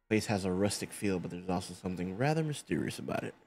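A man reading the lines of a chatty, gushing woman teacher aloud from a game in his own gravelly voice, without much effort to act her. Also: low-pitched, animated, fast talker, darkish tone, soft background music. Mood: explanatory. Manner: reads on-screen game dialogue aloud in a loose, unpolished way.

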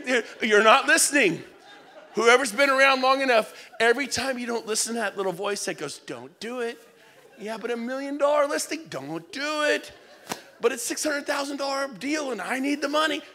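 A man in his fifties giving a lively, joking motivational speech to a live audience, often shouting for emphasis. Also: on the high side. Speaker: keynote speaker. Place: event hall. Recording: long reverb of a large event hall.

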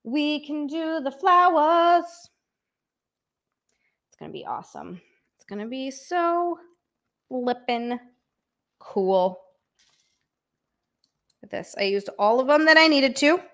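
A young adult woman chatting on a live stream from a room at home, excitable and chatty, thanking viewers by name and bursting into squeals. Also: high-pitched, takes it slowly, long pauses. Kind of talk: casual live-stream chat.

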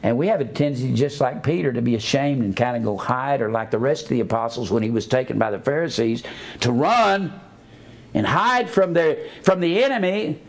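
A man delivering a sermon in a mid-range voice. He spells out words letter by letter and slows down for his quotations. His delivery swings from low, quiet asides to raised, emphatic preaching. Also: expressive, gravelly.

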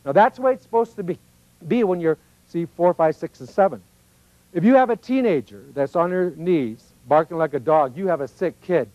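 A man's voice: on the high side, expressive, moderate pace, mellow, no echo, highs cut off. Folksy man teaching with a dry sound. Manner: conversational, folksy, acts out little voices of kids and parents. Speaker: speaker on personal growth. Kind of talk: informal teaching talk.

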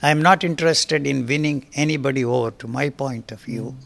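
A man in his eighties, an interview guest in a studio, speaking in an emphatic, forceful and blunt manner. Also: mid-range voice, a little fast, creaky. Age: 80s. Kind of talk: fiery spoken discourse. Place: recording studio.

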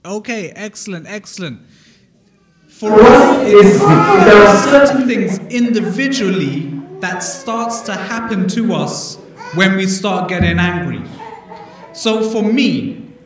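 A British man with a fairly high voice delivers a sermon in a church. He talks in an easy, conversational way, putting questions to the congregation and often restarting his sentences. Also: animated, slow. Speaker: pastor. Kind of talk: interactive sermon. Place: church hall.

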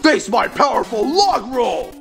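A man voicing a bossy, loyal robot henchman who blusters, shouts and mocks the others. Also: extremely high pitch, big pitch swings, unhurried, vocal fry, soft background music, heavily acted. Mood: blustering.

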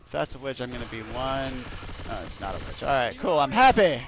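A young man giving profane, excitable gameplay commentary, cursing at his teammates with loud outbursts. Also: medium pitch, a little fast, noisy background. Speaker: gaming video creator.

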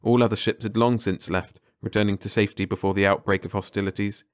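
A man narrating a science fiction short story as an audiobook in a measured, dramatic way. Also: lowish voice, steady tone, no room sound, clean studio sound.

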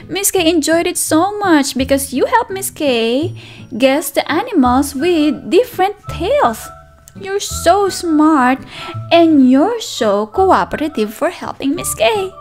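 A young woman reads a picture book to toddlers in a very high, sing-song voice that swoops up and down. She takes her time, gasping and asking the child questions. Faint music plays under her. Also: darkish tone. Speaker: children's teacher reading aloud. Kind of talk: read-aloud lesson for toddlers.

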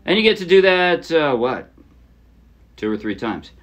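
A man teaching a ukulele song in a casual, chatty way, often trailing off softly and poking fun at himself. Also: a little high, sing-song, unhurried, highs cut off, over loud music. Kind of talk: casual tutorial explanation. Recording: loud ukulele playing under the voice. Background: ukulele strumming.

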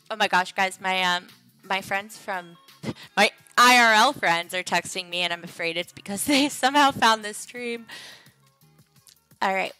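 A woman's voice: fairly high pitch, pushed and bright. A young adult woman hosting a casual game livestream, chatting playfully and joking with her viewers. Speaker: livestream host.

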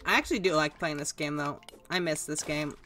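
A woman's voice: low voice, a little fast, a bit bright, faint music behind. A woman streamer giving casual, sarcastic, self-mocking commentary while playing a game. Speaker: gaming streamer. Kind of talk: casual live gaming commentary.

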